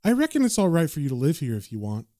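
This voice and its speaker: A man voicing a teasing, affectionate young woman artist from a comic, read aloud in a casual, lightly lowered voice. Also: huge pitch swings, fast talker, dark tone, no room sound, studio quality.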